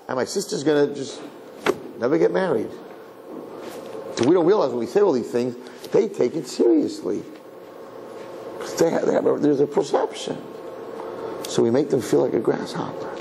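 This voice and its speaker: A rabbi talks to his audience in a lively, conversational way, often slipping into acted voices. His mid-pitched voice has a gravelly, creaky texture. The recording has a long hall reverb and faint background noise. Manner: animated storyteller, acts out voices. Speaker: rabbi lecturing. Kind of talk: conversational sermon.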